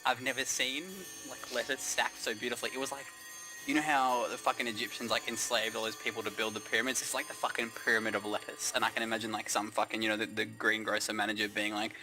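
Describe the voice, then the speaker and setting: A young Australian man tells a comic story at a quick clip, his voice bright and pointed. He rambles, swears at every turn and blows a trivial errand up into an epic with mock-grand flair. Faint music sits behind him. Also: on the low side, level tone.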